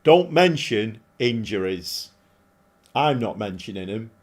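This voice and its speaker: A middle-aged man commentating live on his football management game, animated and often shouting at his players. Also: lowish voice, slow pace. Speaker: game streamer.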